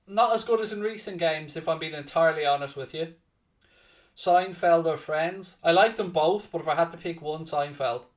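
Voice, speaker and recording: A man hosting a live football watchalong, chatting casually to viewers and breaking into loud excited shouting. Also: a little high, normal speed, distant mic. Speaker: watchalong host and commentator. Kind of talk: casual live match commentary.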